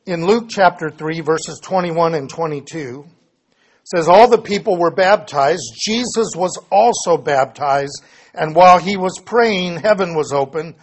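A man's voice: on the high side, measured pace, slightly rough. A man teaching a Bible study lesson, reading scripture passages aloud and explaining them plainly, often correcting himself as he goes.

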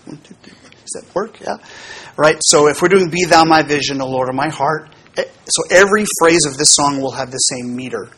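A pastor with a slightly raised, husky voice talks his congregation through a lesson in an easygoing, explanatory way. He stops now and then for small asides and plenty of "um"s, like a teacher thinking aloud in front of a class. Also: on the high side, fairly quick, fairly bright tone. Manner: casual and explanatory, with many fillers and asides. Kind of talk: teaching talk on hymns to a congregation.

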